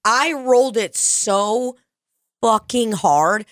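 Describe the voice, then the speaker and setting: Animated young woman telling a story. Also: a little high, slow pace, dry recording, clean studio sound. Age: 20s. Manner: animated storytelling, heavy swearing, acts out voices. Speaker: comedian podcast co-host. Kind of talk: casual chat.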